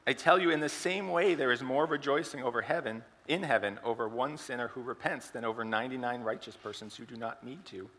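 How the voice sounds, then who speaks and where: A man's voice: mid-range voice, a little fast, hardly any pauses, a bit bright, big-room sound. A man giving a sermon, telling an illustrative story and asking the congregation questions. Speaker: preacher.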